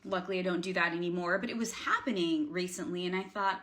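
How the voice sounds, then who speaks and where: A woman's voice: fairly low pitch, fast talker, hardly any pauses, fairly bright tone. A woman coaching viewers in a casual, rambling vlog, speaking earnestly with lots of fillers and restarts. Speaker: spiritual coach. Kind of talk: casual talking-to-camera vlog.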